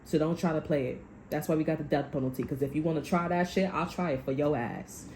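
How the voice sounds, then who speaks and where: A woman's voice: deep voice, fast, darkish tone, echoey room, a little hiss or hum, poor audio. A woman giving a tarot reading, talking to her viewers in a blunt, profane, sassy way. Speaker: tarot reader. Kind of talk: casual spiritual reading monologue.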